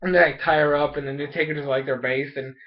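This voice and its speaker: A young man with a fairly high voice rambles through an episode recap, piling on fillers and getting excitable as he goes. His casual talk comes through a dull, lo-fi home recording. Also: fast talker. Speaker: TV episode reviewer.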